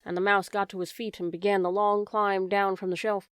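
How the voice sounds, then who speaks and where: A woman narrating a children's audiobook in a gentle way, speaking directly to the reader. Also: medium pitch, flat delivery, a little fast, clean tone, no echo, clean studio sound.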